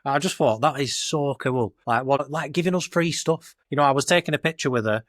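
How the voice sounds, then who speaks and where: A man's voice: medium pitch, a little fast, a bit bright, dry recording, studio quality. A young man with a Lancashire accent, co-hosting a podcast and telling a long, rambling story in casual northern dialect. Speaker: podcast co-host.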